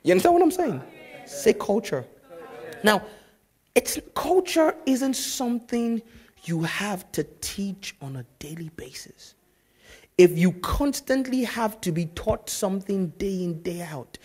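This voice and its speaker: A man preaching a sermon as pastor, telling stories in a lively way that swings from loud to hushed. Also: high voice, unhurried, breathy edge.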